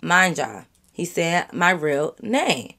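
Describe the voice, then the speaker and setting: Animated woman telling a storytime vlog. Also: on the low side, slow pace. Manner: animated, chatty, addresses viewers as y'all. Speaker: vlogger.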